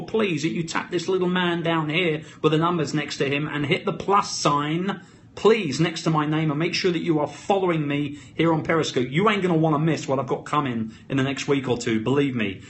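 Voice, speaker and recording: An energetic, chatty man hosting a live stream, with a voice a bit higher than most men's. He talks into a phone propped against his computer at his desk, with a faint hum of room noise behind him. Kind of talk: casual live stream chat, reading viewer comments.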